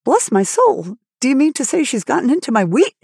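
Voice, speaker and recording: A woman's voice: lowish voice, expressive, normal speed, no room sound, clean studio sound. A woman voicing a nervous, sheepish older farmer with a hasty temper, who stammers and blurts when flustered.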